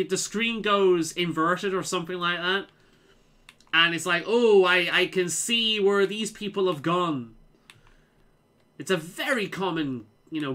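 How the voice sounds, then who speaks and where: A streamer from the Liverpool area rambles casually through let's-play commentary while gaming, swearing freely. The voice is mid-range, pushed and bright.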